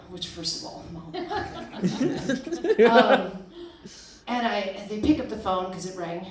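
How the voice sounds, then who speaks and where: A woman's voice: mid-range voice, slow pace, long pauses, a crowd in the background. A young woman performing a self-deprecating stand-up set at a small arts venue, laughing at her own jokes. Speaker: stand-up comic. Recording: echoey room, distant mic, audience laughter.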